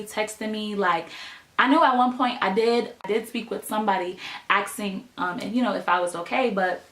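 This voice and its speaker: A woman's voice: medium pitch, echoey room. A young woman, telling a personal story in casual vlog style with lots of emphasis and filler words. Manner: animated, emphatic storytelling with many "like" and "right?" fillers.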